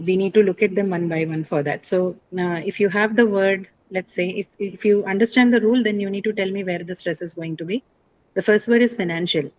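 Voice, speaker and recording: A woman's voice: mid-range voice, darkish tone, a little hiss or hum, rough recording. A woman teacher lecturing a class, explaining step by step with frequent fillers and tag questions. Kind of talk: classroom lecture on word stress.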